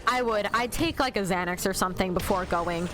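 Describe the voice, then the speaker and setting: A woman's voice: mid-range voice, fairly quick. A woman chatting casually as a guest on a livestream, talkative and laughing often. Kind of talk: casual chat. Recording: clear background music. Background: music playing.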